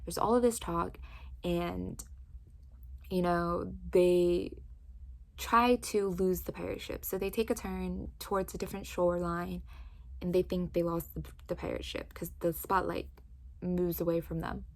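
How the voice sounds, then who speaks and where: Woman, casual book recap, animated retelling, lots of "like", slightly low voice. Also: normal speed, creaky. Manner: animated storytelling with frequent "like". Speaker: book reviewer.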